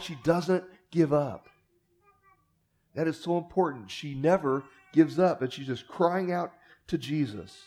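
A man preaching a sermon, earnest, swelling for emphasis and then dropping to a hush. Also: on the high side.

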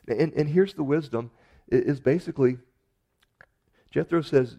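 Man, pastor, sermon, relaxed dark timbre, earnest, emphatic swells and quiet drops. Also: medium pitch, moderate pace. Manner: earnest preaching with emphatic rises and soft drops.

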